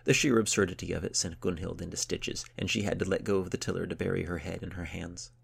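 A man narrating a story in a steady, measured way. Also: deep voice, vocal fry, breathy edge. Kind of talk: scripted audiobook narration.

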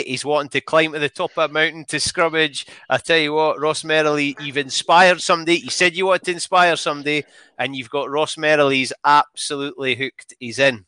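A male host with a bright, fairly high voice keeps a casual chat moving. He reads out viewer comments and teases his guest in an upbeat way. The sound is close and dry. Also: clean tone, no echo.

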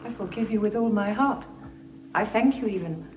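An actress playing a calm Scottish queen facing her execution, speaking slowly and softly. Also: mid-range voice, natural voice. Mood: serene. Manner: slow, soft, solemn. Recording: dull, roomy old film audio.

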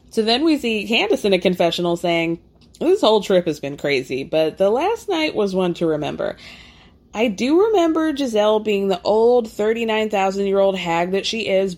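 Woman for a chatty recap, lively, voices each quote, salty language. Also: mid-range voice. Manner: animated, acts out quotes, swears freely. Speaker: reality TV recapper. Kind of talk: casual storytelling recap.

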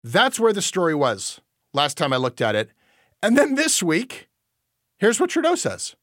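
A man hosting a news commentary show, animated and incredulous, swearing casually. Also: high-pitched, a little slow, dry recording, studio quality. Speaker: podcast host. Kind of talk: opinionated news commentary chat.

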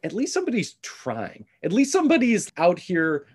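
A man co-hosting a casual podcast chat, talking in an animated way with quick asides and the odd swear. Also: high-pitched, husky. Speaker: podcast co-host.

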